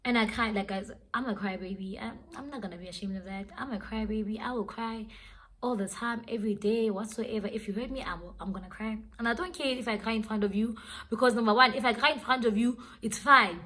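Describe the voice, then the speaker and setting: A young woman with a South African accent, telling a dramatic personal story in a casual, lively way and switching between English and Sesotho phrases. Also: a little high, a little fast. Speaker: vlogger.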